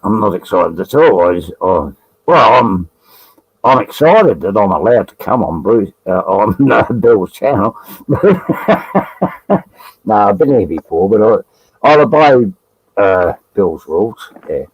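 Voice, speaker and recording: A man's voice: lowish voice, very animated, slow pace, slightly rough, dry recording, poor audio. A man with an Australian accent, chatting as a guest on a live stream, rambling and joking with frequent laughs. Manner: rambling, jokey, laughs often. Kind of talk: casual live stream banter.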